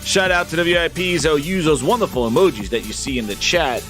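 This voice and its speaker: A man hosting a casual gaming live stream, boisterous and swearing, reading out shout-outs to chat. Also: a little high, a little fast, soft background music. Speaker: livestream gaming show host.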